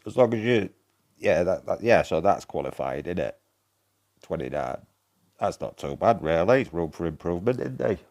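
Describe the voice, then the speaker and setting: Low-voiced yorkshire bloke streaming a game, sweary casual banter with chat. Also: male voice, big pitch swings, normal speed, creaky, a little mellow. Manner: swears freely, chatty banter with viewers.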